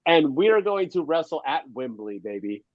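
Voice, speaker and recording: Excitable man with a dull lo-fi sound. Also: fairly high pitch, a little hiss or hum. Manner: excitable, rapid-fire questions, says "baby" often. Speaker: podcast co-host. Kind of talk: casual chat.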